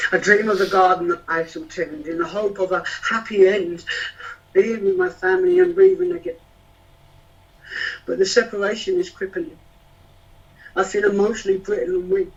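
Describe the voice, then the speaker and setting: A man's voice: high-pitched, gravelly. A man performing spoken word poetry in a rhythmic, rhyming, emotional delivery. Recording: distant, dull lo-fi sound.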